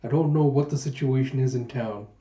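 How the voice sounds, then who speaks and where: Male reader voices gruff young bodyguard, blunt and offhand, mellow, roomy. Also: mid-range voice, a little fast, natural voice. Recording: echoey room, dull sound.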